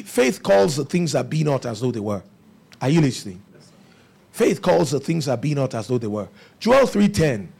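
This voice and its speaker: A man's voice: a little high, vocal fry, a little mellow, slightly rough. A man preaching a sermon, asking the congregation rhetorical questions.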